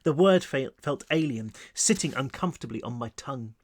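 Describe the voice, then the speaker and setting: A man reading his own novel aloud in the first person, expressive and conversational, at home. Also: brisk. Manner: expressive reading with wide pitch swings, asides to listeners. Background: child screaming downstairs.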